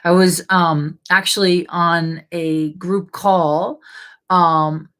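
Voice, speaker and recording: A woman's voice: on the low side, fairly even intonation, drawn-out words, a bit bright. Coaxing woman life coach. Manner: coaxing, asks many rhetorical questions; casual, frequent "like" fillers. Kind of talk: live coaching session answering viewer questions.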